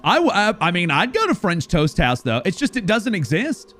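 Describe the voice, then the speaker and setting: A man streaming a game live, with a lively, bouncing pitch as he rambles playfully. He swings between loud outbursts and quiet mumbles. Faint music plays behind him. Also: normal speed.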